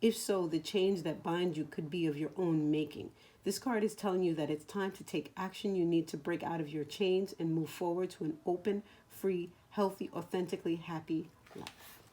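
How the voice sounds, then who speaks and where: A woman giving a spiritual card reading in a slow, soothing voice that sometimes drops to a whisper, choked up with emotion. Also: lowish voice, fairly even intonation, dark tone. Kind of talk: soft spoken tarot-style reading.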